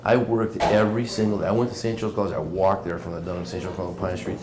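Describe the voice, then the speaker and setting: A middle-aged Canadian man tells his stories quickly and with energy, often doubling up his words. His voice sits fairly low. He was recorded at a café table in an echoey room, with steady noise in the background. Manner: animated, repeats words while telling stories. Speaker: guest, business owner. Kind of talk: casual interview storytelling.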